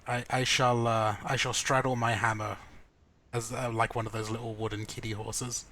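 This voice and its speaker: A man's voice: mid-range voice, little pitch movement, normal speed, sharp tone, slight background noise. A man playing a tabletop game over a voice call, describing his moves with stammering restarts. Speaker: player. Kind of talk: casual tabletop game play.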